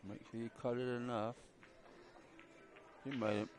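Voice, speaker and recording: A man giving casual color commentary on a pool match in brief, relaxed asides. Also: medium pitch, normal speed, soft background music.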